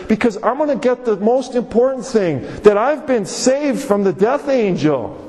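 A male pastor delivers a sermon in a notably high voice, pressing his point with repeated phrases and rhetorical questions. His voice rings with the long reverb of a large hall. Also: darkish tone.

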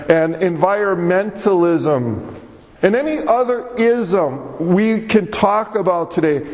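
A man's voice: high-pitched, a little mellow. A man preaching a sermon as pastor, with an emphatic, repetitive cadence. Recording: long hall reverb.

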